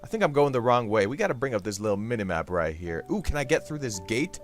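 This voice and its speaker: A man's voice: medium pitch, big pitch swings, fast, faint music behind. A man hosting his own game channel, rambling through silly jokey commentary while he plays. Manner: goofy, jokey, sudden bursts of silly voices. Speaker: gaming YouTuber host. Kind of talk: rambling comedic gameplay commentary.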